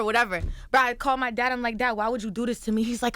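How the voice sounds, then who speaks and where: Racing along in a fairly high voice, a young woman guesting in a radio studio tells an animated story into a studio microphone. The chat is casual, and she performs other people's lines as she recounts them.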